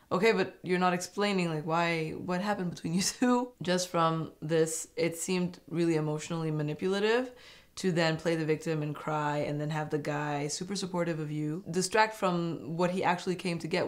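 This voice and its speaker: A woman casually recapping a reality dating show, chatty and animated with sarcastic asides. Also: on the low side. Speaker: host.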